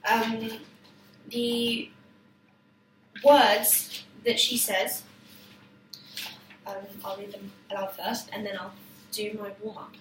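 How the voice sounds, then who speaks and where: Woman, self-filmed, halting explainer with fillers; faint room noise behind. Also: medium pitch, fairly even intonation. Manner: hesitant, many fillers and restarts. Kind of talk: informal spoken explanation to camera. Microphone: self-filmed camera or phone. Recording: roomy, distant, faint background noise.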